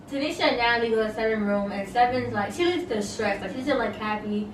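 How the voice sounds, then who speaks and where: A woman's voice: on the high side, fast talker, few pauses, slight background noise. A young woman recapping a reality show in casual chat, blunt and opinionated, with many fillers. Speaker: reality TV reviewer. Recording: roomy, mic at a distance, faint ambience.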